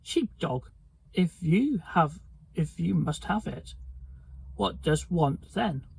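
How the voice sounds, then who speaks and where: A man reading a children's storybook aloud, voicing a gruff, blunt and motherly old ewe with a harsh, croaky voice and folksy grammar. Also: on the high side, lively intonation, takes it slowly, a little hiss or hum, heavily acted, rough recording. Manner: loud, forthright, folksy grammar.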